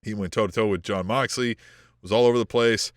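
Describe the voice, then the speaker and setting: A man's voice: on the low side, fairly even intonation, fairly quick, no room sound, clean studio sound. A man co-hosting a wrestling podcast, chatting in a laid-back, hesitant way. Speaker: podcast co-host. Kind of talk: casual wrestling chat.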